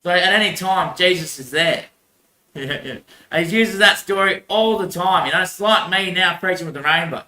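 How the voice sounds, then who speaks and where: A man's voice: sits high, moderate pace, pushed and bright, echoey room, rough recording. A young man, rambling crudely in a religious monologue and laughing often. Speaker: vlogger.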